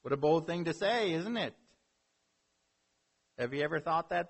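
A man's voice: on the high side, animated, normal speed, creaky, husky. A man preaching a sermon as a pastor, earnest, with rhetorical questions and building emphasis.

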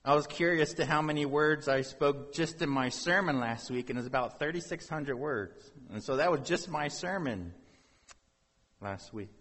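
A man's voice: fairly high pitch, normal speed, fairly bright tone, breathy edge, big-room sound. A man preaching a sermon as pastor, talking to the congregation in a conversational way with rhetorical questions.

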